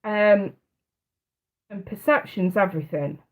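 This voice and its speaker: A woman's voice: mid-range voice, measured pace, low-quality recording. Lady chatting on her tarot livestream, loose and rambly, laughs lots. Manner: chatty, hesitant, often restarting, laughs a lot. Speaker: tarot reader hosting a live stream. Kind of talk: casual live-stream chat.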